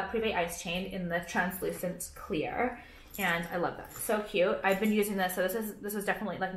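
A woman's voice: mid-range voice, pushed and bright. A young woman chatting in a rambling, brash way, swearing freely and filling her talk with "like," as she shows off her purchases and products. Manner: brash, rambling, heavy swearing and filler words. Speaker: vlogger and small business owner. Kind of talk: casual haul vlog. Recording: echoey room.

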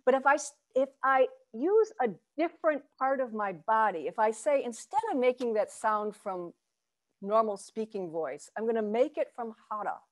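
Over a video call, a woman leads a Zen chanting workshop, encouraging her students and laughing lightly. Her voice is expressive and moves at a normal pace as she demonstrates chants and low vowel sounds drawn from the belly.

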